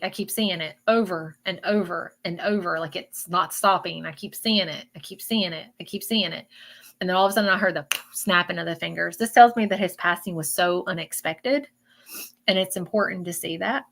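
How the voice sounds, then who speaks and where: A woman, her voice gravelly with a touch of vocal fry. She speaks as a medium on a live stream, emotional and given to repeating herself, and she keeps turning to her viewers as y'all. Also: fairly low pitch, brisk, a bit bright. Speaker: psychic medium.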